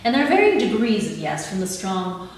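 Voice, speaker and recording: A woman's voice: medium pitch, fairly quick. Woman guiding an audience in an echoey hall. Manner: calm, instructive, laughs easily. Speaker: speaker leading an audience exercise. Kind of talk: live talk with guided exercises. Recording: echoey hall, mic at a distance, audible background noise.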